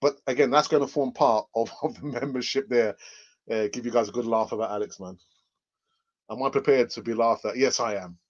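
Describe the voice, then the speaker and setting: A man's voice: medium pitch, a little fast. A man hosting a casual live fan stream, joking, laughing often and reading out viewer comments. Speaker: host of a live fan channel. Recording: dull lo-fi microphone sound.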